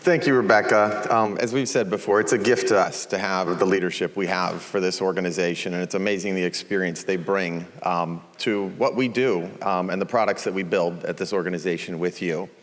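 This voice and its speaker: A man's voice: deep voice, steady tone, a little fast, few pauses. A man hosting a conference from the stage, casually asking the audience questions. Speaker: organization CEO and host. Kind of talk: conference speech. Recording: long reverb of large hall.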